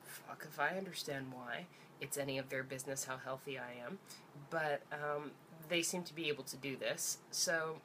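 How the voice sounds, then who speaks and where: With a low, fairly bright voice, a young woman from Canada unleashes an angry, profane, sarcastic rant in her vlog. A little hiss or hum sits under the recording.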